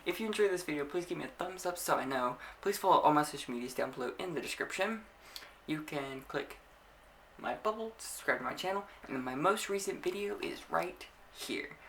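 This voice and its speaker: Young guy doing a storytime vlog, bright voice, super animated, laughing and acting stuff out. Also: a little high, brisk, a little hiss or hum. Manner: animated, laughs often, acts out scenes. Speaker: vlogger. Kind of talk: casual storytime chat to camera.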